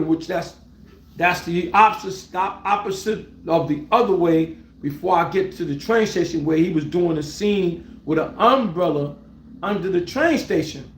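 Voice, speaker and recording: A middle-aged man live-streaming a casual story, rambling and excitable, often restarting his words and swearing freely. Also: a little high. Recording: roomy echo.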